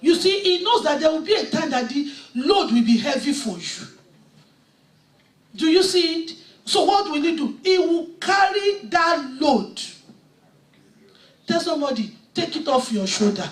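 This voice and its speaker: A woman preaching a fervent sermon in a high voice, swelling to shouts as she quotes scripture. She is picked up from well back in an echoing church sanctuary. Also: sing-song, moderate pace. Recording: echoey church sound from a distant mic.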